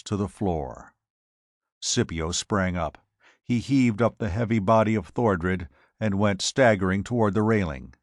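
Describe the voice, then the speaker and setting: A man narrating a science fiction audiobook in a measured, dramatic storytelling manner. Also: on the low side, no room sound, studio quality.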